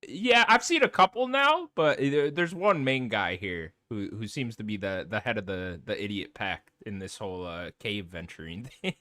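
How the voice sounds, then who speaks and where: Animated, laughing deep-voiced man. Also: moderate pace, hardly any pauses, no room sound, clean studio sound. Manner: animated, laughing, swearing storyteller. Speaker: podcast co-host. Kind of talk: casual chat.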